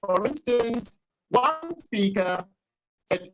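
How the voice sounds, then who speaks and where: A woman giving a formal grammar and pronunciation report over a video call, speaking in a deliberate, pedantic, corrective way. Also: mid-range voice, animated, over music, rough recording. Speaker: grammarian at a club meeting.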